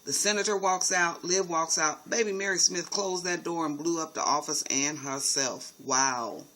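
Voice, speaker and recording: A man's voice: fairly high pitch, moderate pace, pushed and bright, low-quality recording. A man giving a sassy, chatty TV episode recap, calling his viewers honey and baby. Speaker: TV recap host. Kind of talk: casual TV recap commentary.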